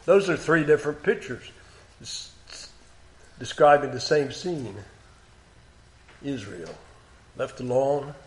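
A man giving expository Bible teaching, reading old scripture aloud with growing force and dropping to quiet comments between passages. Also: mid-range voice, expressive, slow, long pauses. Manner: reads King James scripture aloud with rising force.

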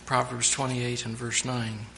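A man preaching a sermon to his church, now and then shouting out the lines of the story he tells. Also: mid-range voice, little pitch movement, measured pace, vocal fry, noisy background. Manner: preaching with sudden loud acted-out shouts.

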